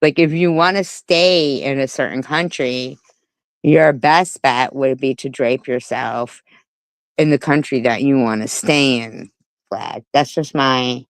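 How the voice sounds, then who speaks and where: Woman from the US hosting a casual commentary stream; slow, opinionated delivery with lots of fillers; smooth, clean voice in a dry room. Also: a bass voice, dry recording, rough recording. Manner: unhurried, opinionated, with fillers like "um" and "you know".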